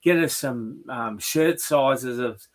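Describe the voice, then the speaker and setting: A man's voice: mid-range voice, takes it slowly. A man hosting a casual video call, encouraging and friendly toward his guest. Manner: warm, encouraging, calls guest brother. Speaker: host. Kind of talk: casual chat on an online call.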